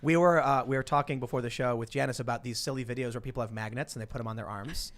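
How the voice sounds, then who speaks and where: A man in his thirties hosting a casual panel show, talking quickly and laughing often. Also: mid-range voice, fairly even intonation. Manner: chatty, fast, laughs often. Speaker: podcast host. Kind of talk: casual panel talk with sponsor reads.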